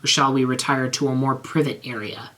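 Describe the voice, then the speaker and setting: A man reading as a soft-spoken gothic heroine. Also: medium pitch, steady tone, brisk, close to an everyday voice. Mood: subdued. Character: brooding young gothic woman heroine.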